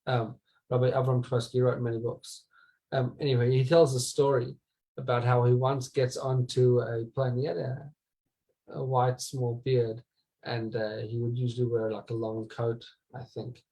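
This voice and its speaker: A man's voice: medium pitch, level tone, normal speed, dark tone, poor audio. A man teaching a small group in an informal talk, often stumbling and repeating his words. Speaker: rabbi teaching a class.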